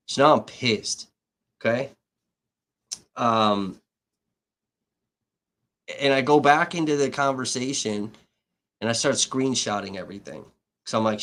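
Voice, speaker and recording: A man's voice: mid-range voice, unhurried, long pauses, fairly bright tone. A man hosting a livestream as an independent reporter, retelling a dispute in casual, heavily profane talk and laughing between points.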